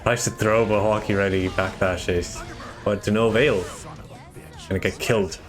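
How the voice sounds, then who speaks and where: A man's voice: on the low side, steady tone, moderate pace, faint music behind. A man calling a fighting game match live, joking and laughing along with his co-caster. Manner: jokey, laughing play-by-play. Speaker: esports commentator.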